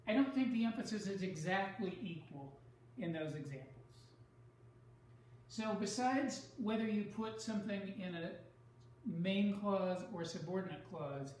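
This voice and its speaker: Measured male writing teacher, roomy sound. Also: high voice, a little mellow, distant mic, slight background noise. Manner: measured, explanatory, leans on key words. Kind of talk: recorded online lecture.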